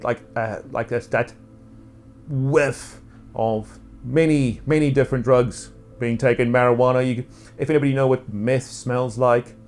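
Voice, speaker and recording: A man's voice: medium pitch, a little mellow. A man narrating as game master in a casual, rambling way with many fillers. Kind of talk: narrating a tabletop role-play.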